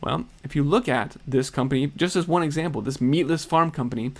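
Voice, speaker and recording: A man narrating news commentary, reading quotes aloud in a quick, pointed way. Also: on the high side. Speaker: video narrator.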